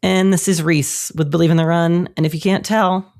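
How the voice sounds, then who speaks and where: A woman co-hosting a running podcast while sick, her voice rough and raspy. She talks casually and pokes fun at herself, laughing easily. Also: fairly low pitch, fairly even intonation, moderate pace, a little mellow. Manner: self-deprecating, laughs easily. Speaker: podcast co-host. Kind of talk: casual chat.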